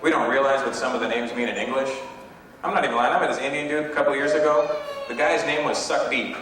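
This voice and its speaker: A brash, self-mocking stand-up comedian from Canada, working the stage in a hot hall. His voice rings with a heavy echo and sounds distant from the mic. Loud hiss from an old tape runs underneath. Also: medium pitch, quick pace. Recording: echoey hall from far off, noisy old tape.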